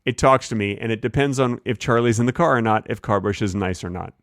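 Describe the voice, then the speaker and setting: A man co-hosting a casual podcast, telling rambling stories in an animated way. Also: fairly low pitch, fast talker, dry recording, studio quality. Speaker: podcast co-host. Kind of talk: casual chat.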